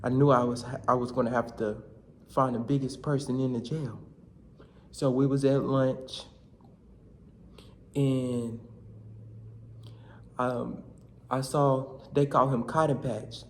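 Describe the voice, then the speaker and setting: A young man vlogging, telling a comic story in casual slang with animated bursts. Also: medium pitch, takes it slowly, long pauses, slight background noise. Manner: animated, slangy, shouts in quoted lines. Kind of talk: comedic storytelling vlog.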